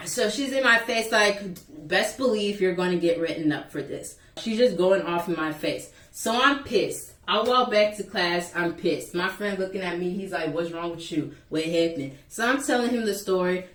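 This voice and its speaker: A woman's voice: fairly low pitch, moderate pace, hardly any pauses, a bit bright. A young woman vlogger animatedly retelling a school story in a casual, exasperated way. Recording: echoey room, voice a bit far from mic.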